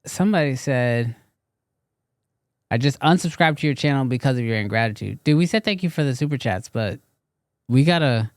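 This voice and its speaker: A man's voice: medium pitch, expressive, normal speed, long pauses, no echo, clean studio sound. A man hosting a casual camera-talk livestream, playful and joking. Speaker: host.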